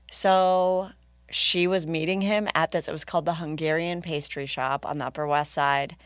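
A woman in her thirties, a comedian guest telling a story in casual chat, lively, laughing and self-mocking. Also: sits low, normal speed, clean tone, no echo, studio quality.

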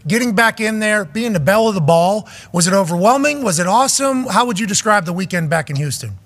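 A male host of a sports talk show, joking loudly and often shouting with high energy. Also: lively intonation, quick pace.

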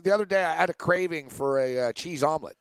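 Guy rambling thru a story on sports radio, kinda high voice, lots of uhs. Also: fast, fairly bright tone, clean tone. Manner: rambling storyteller, many fillers and restarts. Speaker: radio show co-host. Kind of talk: casual sports radio banter.

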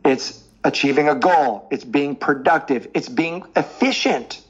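A man being interviewed as a dating coach, explaining with lively stories and examples. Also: on the high side, unhurried, slightly rough, lo-fi sound. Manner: animated storyteller, explains with examples. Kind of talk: podcast interview.

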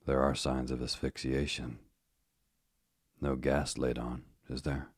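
Man reading a brisk doctor, clipped, matter-of-fact, very deep, flat. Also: slightly rough, no room sound, clean studio sound, full character voice.

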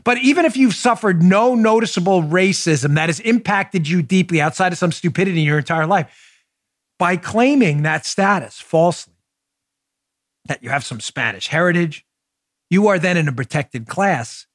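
A man hosts a political podcast in a high, bright-sitting voice. He argues emphatically and tells stories with plenty of energy. The sound is dry and close, with no room around it. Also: moderate pace, no echo. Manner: emphatic, animated storytelling with laughs. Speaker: podcast host. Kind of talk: opinionated political talk.

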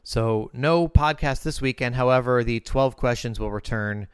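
Smooth-voiced man hosting a podcast. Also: mid-range voice, moderate pace, few pauses, no echo. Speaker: podcast host. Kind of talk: interview podcast.

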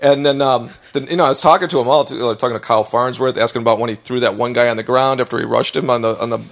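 A man's voice: medium pitch, very fast. An American man hosting a podcast, telling a rambling story in casual chat, laughing often and acting out quotes. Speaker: podcast host.

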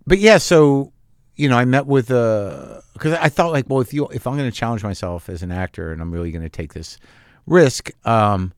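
A man's voice: medium pitch, animated, moderate pace, clear, resonant tone, no echo, studio quality. A middle-aged man, an actor being interviewed, talking casually and hesitantly with many restarts and fillers. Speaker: actor guest.

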